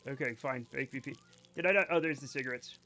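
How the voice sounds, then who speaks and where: A man's voice: mid-range voice, fast, sharp tone. A man live-streaming a game, rambling and joking with his chat in a profane, casual way.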